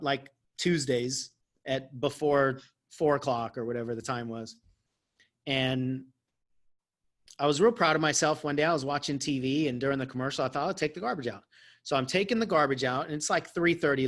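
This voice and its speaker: Chatty man coach, slightly high. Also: fairly bright tone. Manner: chatty, self-mocking, laughs often. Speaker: life coach host. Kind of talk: casual storytelling chat.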